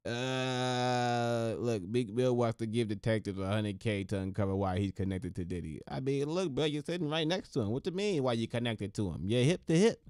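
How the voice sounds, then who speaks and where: A man hosting a podcast, giving casual commentary in an animated, joking and slangy way, often repeating himself for effect. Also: medium pitch, moderate pace, clean tone, no echo, studio quality. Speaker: podcast host.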